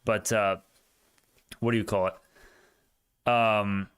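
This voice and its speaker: A young man hosting a casual stock market livestream, talking in an excitable, rambling way with many restarts. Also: on the low side, drawn-out words, clear, resonant tone.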